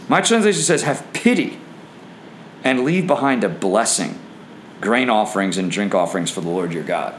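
Guy preaching in an echoey room, goes low and grave then way up high, super animated, asks the room stuff. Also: moderate pace, slight background noise. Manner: emphatic, swings from low and grave to high and excited. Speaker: preacher teaching a Bible class. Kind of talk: sermon with questions to the audience.

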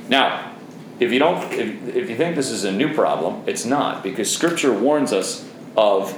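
A man's voice: medium pitch, echoey room, a little hiss or hum, rough recording. A man preaching a sermon, emphatic, repeating key phrases and speaking straight to the congregation. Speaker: pastor.

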